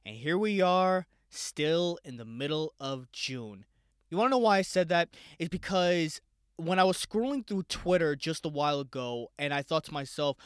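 A young man from the United States hosting a casual solo podcast, excitable, swearing freely and talking straight to his listeners. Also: a little high, moderate pace, clear, resonant tone, no room sound, clean studio sound. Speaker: podcast host.

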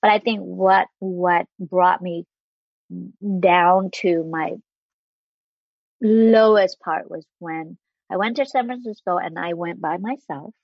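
A woman guest speaking candidly and earnestly about a hard personal experience, with halting restarts as she talks. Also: fairly low pitch, gravelly, no echo, highs cut off. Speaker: interview guest. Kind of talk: candid personal storytelling in conversation.

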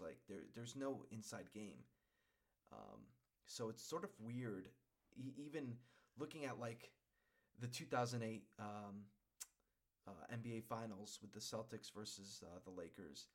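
A man from Western Massachusetts hosting his own podcast, rambling and worked up, tagging his points with "okay?". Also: fairly low pitch. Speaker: podcast host. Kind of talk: casual solo podcast chat.

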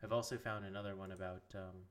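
Young male cohost, low voice, easygoing and halting. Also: fairly even intonation, clear, resonant tone. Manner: laid-back, hesitant, filler-heavy. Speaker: podcast co-host. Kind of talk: casual chat.

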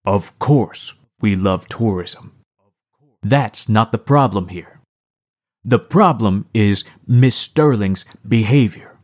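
A man's voice: fairly low pitch, measured pace. A man reading as a stiff, impatient town mayor. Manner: formal, impatient. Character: middle-aged slender male small-town mayor, stiff and impatient. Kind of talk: audiobook character reading.

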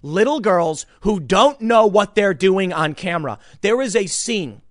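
A man rants into a close microphone in a dead, dry room, his voice sitting a bit high for a man. His pitch swings widely as he stresses points, and he trips over his words, repeating and restarting as he pushes his argument. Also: measured pace, dry recording. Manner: animated, emphatic, ranting with repeated restarts. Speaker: commentator. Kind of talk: casual online commentary.

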